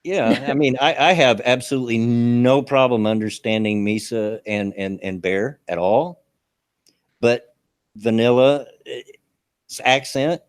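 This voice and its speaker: A man's voice: mid-range voice, unhurried, smooth, no echo, clean studio sound. An older American man with a Southern accent, chatting folksily on a streamed show and chuckling often. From United States. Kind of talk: casual podcast chat.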